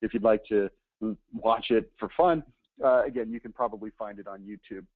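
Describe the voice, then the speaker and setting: A man's voice: on the low side, normal speed, no room sound. A man giving a marketing lesson on a webinar, telling a story with many fillers and restarts. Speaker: marketing trainer. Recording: dry, phone-like audio.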